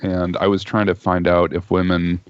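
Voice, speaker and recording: A young man talking casually as a guest over a video call, relaxed and joking, with plenty of ums and pauses. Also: low-pitched, dry recording. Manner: laid-back, joking, hesitant with fillers. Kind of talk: casual chat. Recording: muffled video call audio.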